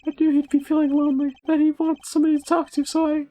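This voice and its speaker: A man doing a high, stammering timid young prisoner. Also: monotone, warm tone. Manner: stammering, halting.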